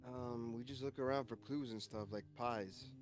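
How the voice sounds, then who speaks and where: A man's voice: medium pitch, fairly even intonation, moderate pace, over music. A man co-playing a video game on a stream in casual chat, teasing his partner and reading the detective's lines aloud. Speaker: guest co-player.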